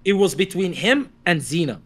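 Insistent high-voiced male co-host. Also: expressive, normal speed. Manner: insistent, swears often. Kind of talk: heated casual debate.

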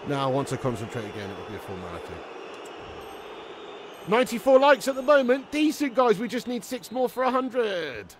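A man doing live commentary on his game stream, excitable, yelling at plays and chatting with viewers. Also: high voice, moderate pace, noisy background.

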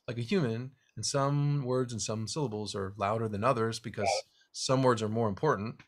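With guitar strumming in the background, a man gives a one-on-one guitar lesson, explaining technique while demonstrating. His mid-range voice, at a moderate pace, swings between lively stressed phrases and quiet asides.

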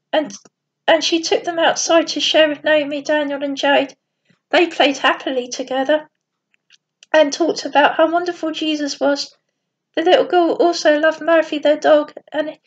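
A woman telling a bedtime story in a plain, gentle reading voice with small slips. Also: high voice. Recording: dull lo-fi recording.

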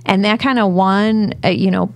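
A woman's voice: mid-range voice, steady tone, moderate pace, creaky, no echo, soft background music. Woman, talk show co-host, emotional, effusive, dry studio sound. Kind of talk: casual studio chat.

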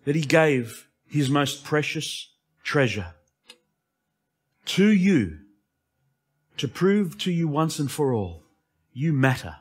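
A male pastor preaching an impassioned sermon that swings between emphatic lines and hushed asides. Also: fairly high pitch, very animated, slow pace, pauses often, husky.

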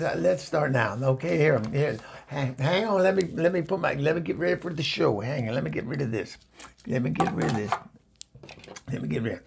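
A man playing a gravelly sassy divorcée. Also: medium pitch, heavily acted. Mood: flustered. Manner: exasperated, sassy put-downs, flustered stammering. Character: sassy Southern divorced woman, much-married, sharp-tongued. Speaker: comedy show regular. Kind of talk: comedic phone-call monologue.

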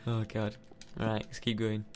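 A man's voice: fairly low pitch, monotone, unhurried, darkish tone, clean tone. A man playing a video game with a friend, joking and chatting casually. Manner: joking, playful. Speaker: gamer. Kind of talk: casual let's-play chat.

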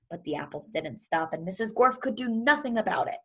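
Breathy woman teacher reading a story aloud. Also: medium pitch, a little fast, few pauses. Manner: lively and expressive, with chuckles. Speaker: teacher reading to her students. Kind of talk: read-aloud storytelling for children.

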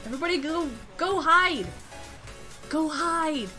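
A woman streaming a game, chatting casually and excitably, greeting and thanking her viewers. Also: sits high, unhurried, faint music behind. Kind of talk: casual live-stream chat while gaming.

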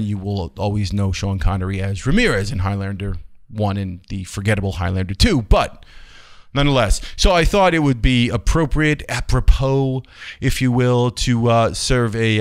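A man hosting his own film channel, talking casually in a rambling, chatty way with many fillers and restarts. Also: lowish voice. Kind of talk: casual vlog talk.

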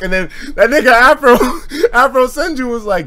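Animated young man, lively storytelling. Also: very high voice, a little fast, hardly any pauses, a little hiss or hum. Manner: animated storytelling with frequent laughter and profanity. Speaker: streamer. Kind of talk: casual stream chat.

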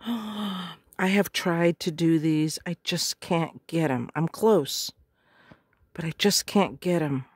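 Brief: slow-paced woman crafter gushing over her unboxing; dry close sound. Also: fairly low pitch, husky, no echo. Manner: gushing, gasping, frequent exclamations. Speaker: crafter on a design team. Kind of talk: casual unboxing vlog.

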